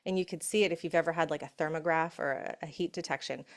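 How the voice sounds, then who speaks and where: A middle-aged woman giving a conversational motivational talk, often asking "right?" and slowing into soft, hushed affirmations. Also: sits low. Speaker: summit speaker. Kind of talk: motivational talk on breath and safety.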